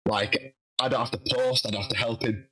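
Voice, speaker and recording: A man telling a lively story in a casual interview, acting out what people said. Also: medium pitch, fairly quick, slightly rough, poor audio. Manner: animated, acts out quoted dialogue. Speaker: guest wrestler.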